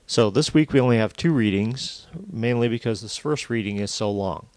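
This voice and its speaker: A man lecturing a university course, explaining step by step in a plain, steady way with frequent fillers. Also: medium pitch, normal speed, no echo.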